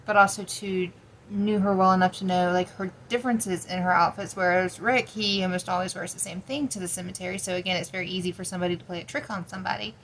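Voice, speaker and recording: A woman's voice: fairly low pitch, steady tone, fast talker, fairly bright tone, a little hiss or hum, low-quality recording. A woman vlogging as she researches folklore, thinking aloud, sleepy and snacking, often trailing off. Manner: snacking while talking. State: sleepy, yawning. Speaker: paranormal lore vlogger. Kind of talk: casual research vlog.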